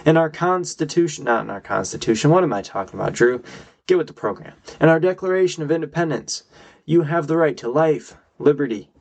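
A man's voice: a little high, expressive, a little fast, gravelly, darkish tone. A young man hosting his own podcast, giving emphatic, argumentative solo commentary and getting worked up. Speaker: podcast host.

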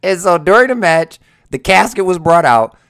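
An excitable wrestling fan counts down favorite moments in casual commentary. The voice has a gravelly, fry-laden edge. The speaker often breaks into laughter and acts out the scenes in quoted voices. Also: medium pitch, moderate pace. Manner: laughs while telling.

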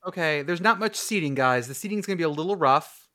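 A man hosting a casual podcast chat, playful and deadpan. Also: a little high, fast. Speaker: podcast host.

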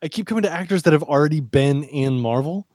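Animated man acting out quotes. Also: fairly high pitch, fast, no echo, studio quality. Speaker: podcast co-host. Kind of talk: casual chat.

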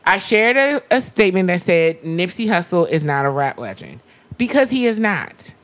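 A woman in her thirties co-hosts a podcast, chatting easily and casually. Her very low voice is animated and emphatic at a normal speed, and she swears freely.

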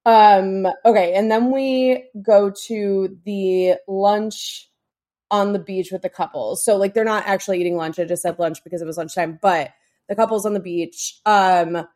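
A woman's voice: mid-range voice, steady tone, normal speed, a little mellow. A woman, co-hosting a casual TV recap podcast, chatty and swearing freely, with lots of "like" and "um". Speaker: podcast co-host.

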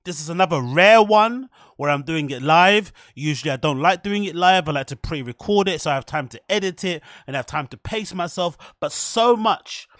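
Guy hosting his own podcast, fast frantic rambling, high pitched, dry mic. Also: animated, a bit bright, no room sound. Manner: rambling, frantic, talks without pausing for breath. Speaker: podcast host. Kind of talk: solo podcast monologue.

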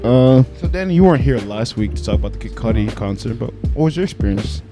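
A man's voice: medium pitch, animated, quick pace, over music. A young man co-hosting a podcast, casually chatting and telling a story with lots of swearing. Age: young adult. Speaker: podcast co-host. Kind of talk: casual chat.

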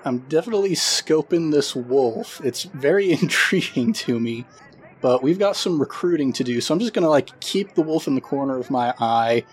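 A man playing a tabletop game, calmly describing what his character does. His voice is husky and sits at a middling pitch. He sounds relaxed and amused. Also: normal speed. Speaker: player.

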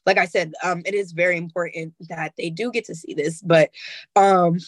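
A woman's voice: on the low side, fairly even intonation, moderate pace, no room sound. A young woman musician speaking candidly and emotionally in a casual interview, swearing freely. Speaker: musician guest.

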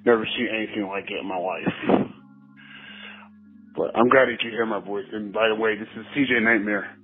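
A man calling in with an excitable, breathless voicemail as a fan. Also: fairly low pitch, normal speed. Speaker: caller leaving a voice message. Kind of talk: casual voicemail review. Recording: tinny phone line, faint music.

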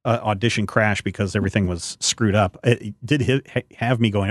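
A man hosting a podcast in casual chat, rambling and halting with many fillers. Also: fairly low pitch, steady tone, no echo, studio quality. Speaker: podcast host.

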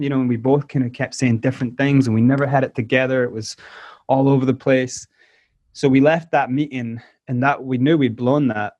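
A Scottish-accented man talks through a casual interview, lively and quick to slip into the voices of people in his stories. His voice sits at an ordinary middle pitch, and the sound is dry and close with no room echo. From South Africa. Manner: animated storyteller who acts out quoted voices. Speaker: musician guest.

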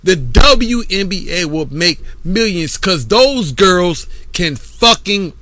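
A man with a high, lively voice argues loudly on a podcast, talking slowly and with emphasis. His tone is bright and forceful, and he repeats words insistently when cut off. The sound is close and dry. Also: no room sound. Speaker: podcast co-host. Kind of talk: heated casual debate.

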